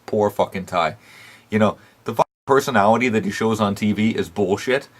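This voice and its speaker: Lowish-voiced guy ranting on his recap show, swears nonstop, lots of uhs. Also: fairly quick, slightly rough. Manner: profane, blunt, swears constantly; animated rants with frequent fillers and laughs. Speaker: wrestling podcast host. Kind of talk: casual opinionated recap.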